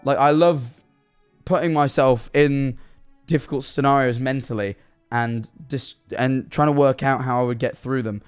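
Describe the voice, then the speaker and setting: A man's voice: medium pitch, fairly even intonation, moderate pace, clean tone, soft background music. A young man chatting on a live stream, rambling through absurd hypotheticals and answering his chat. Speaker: livestreamer.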